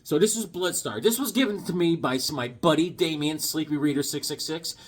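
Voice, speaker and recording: A middle-aged comic collector vlogs in a rambling, casual way, goofy and full of jokes. His voice is slightly high and husky, and he animatedly acts out quick bits.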